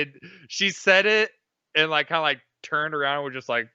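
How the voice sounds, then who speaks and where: A man's voice: a little high, normal speed, bright, forceful tone, smooth, dry recording. A young man co-hosting a casual podcast, telling rambling stories full of fillers and swearing. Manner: rambling storyteller, swears freely, many fillers. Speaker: podcast co-host. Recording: dry, dull lo-fi mic.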